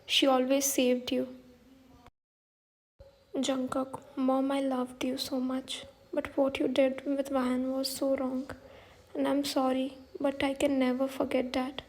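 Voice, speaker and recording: A woman reading a hurt young husband, flat and high. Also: slow. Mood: reproachful. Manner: reads flatly, each line starting with the figure's name. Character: young man, hurt husband and son, reproachful.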